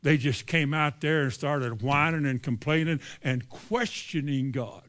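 A man preaching a sermon, reading scripture verses and retelling them in lively, folksy everyday speech. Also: on the high side, measured pace.

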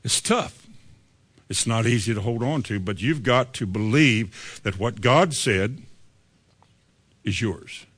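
A man's voice: mid-range voice, animated, slow, pauses often, fairly bright tone, slightly rough. A man preaching a sermon as pastor, firing rhetorical questions at the congregation and acting out doubters' replies.

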